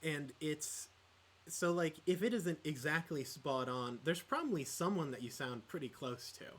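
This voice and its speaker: A man's voice: on the high side, normal speed. A man co-hosting a casual podcast chat about tabletop games, rambling with lots of fillers and restarts. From Midwest United States. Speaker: podcast co-host.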